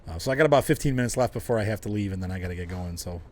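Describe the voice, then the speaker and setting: A man's voice: on the low side, expressive, racing, darkish tone. A man casually chatting with viewers while driving in a truck game, rambling and laughing often. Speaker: game streamer.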